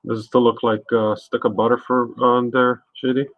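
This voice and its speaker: A man's voice: medium pitch, level tone, normal speed, no room sound. Tinny-sounding man chatting while painting. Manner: rambling, answers chat viewers by name. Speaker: artist streaming live. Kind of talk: casual live-stream chat while painting. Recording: tinny, dry, phone-like sound.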